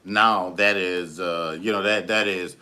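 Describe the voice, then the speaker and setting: A man's voice: sits low, fairly even intonation, a little slow, bright, forceful tone, clear, resonant tone. A young man giving a casual, rambling spiritual pep talk, full of fillers and restarts, acting out little voices. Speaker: motivational speaker.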